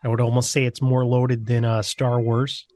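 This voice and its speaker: A man's voice: mid-range voice, little pitch movement, moderate pace, darkish tone, no room sound, clean studio sound. A man on a podcast panel in casual joking chat, rambling and self-mocking.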